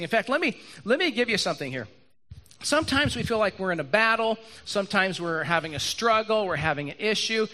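A man preaching a sermon to a room and an online audience, animated, acting out Bible characters and repeating lines for emphasis. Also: high-pitched. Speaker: pastor. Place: church hall with live audience and online stream.

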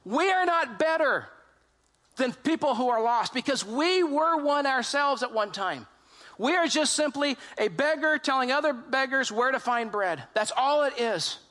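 A male pastor delivers his sermon in a high, bright voice. He tells stories with energy and throws questions at the congregation. He slips into quick character voices while retelling a story. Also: lively intonation.

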